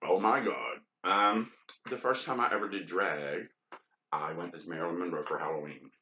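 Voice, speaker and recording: A frank, chatty man rambles through old photos in a loose, casual monologue full of ums and asides. His voice sits a little low but sounds bright and forceful. The recording is dull and lo-fi, with a roomy echo. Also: moderate pace, a little hiss or hum. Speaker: podcast host sorting old photos.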